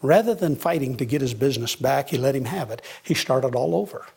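A man's voice: mid-range voice, lively intonation, brisk, creaky, a little mellow, slightly rough. A man preaching a sermon as a pastor, earnest, his voice rising for emphasis.

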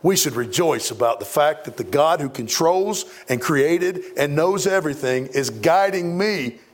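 A middle-aged man delivers a sermon from the pulpit. His voice sits a little high for a man. He is emphatic and repeats words as he presses his points. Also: lively intonation, measured pace. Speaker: preacher.

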